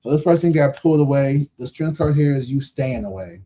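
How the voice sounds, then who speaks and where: A man's voice: medium pitch, animated, brisk, warm tone, slight background noise. A man in his thirties giving a live tarot reading in casual, slangy talk, blunt and profane, repeating himself for emphasis and laughing often. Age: 30s. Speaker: tarot reader hosting a live stream.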